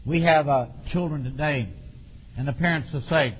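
A man preaching a sermon on raising children, acting out parents and children and bursting into shouts. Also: on the high side, moderate pace, lo-fi sound, slight background noise.

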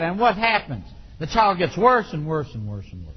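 A man preaching a sermon on raising children, acting out parents and children and bursting into shouts. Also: high-pitched, wildly swooping pitch, normal speed, hardly any pauses, husky, dull audio.

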